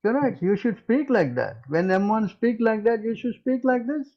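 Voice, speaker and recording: A man teaching in a question-and-answer session, forceful and scolding, who keeps asking "huh?" and "hello?". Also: high-pitched, animated, moderate pace, hardly any pauses, dull audio.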